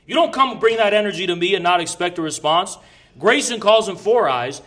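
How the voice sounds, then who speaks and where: Man, casual storytelling, brash, profane, rambling, bright forceful tone. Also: high-pitched, animated, fairly quick. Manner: rambling with restarts. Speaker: podcast guest recounting an event.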